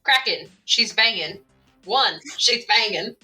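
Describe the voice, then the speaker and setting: A woman playing a tabletop game, giggly and blunt, sometimes shouting. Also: mid-range voice, expressive, slow, recorded from a distance, loud music behind the voice, poor audio. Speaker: player.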